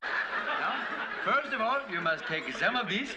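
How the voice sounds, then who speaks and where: A man's voice: high-pitched, animated, a little slow, very noisy. An actor playing a zany, playful male alien in a 1970s sitcom clip, joking, laughing and putting on a mock accent. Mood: giggly. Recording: TV clip with loud music.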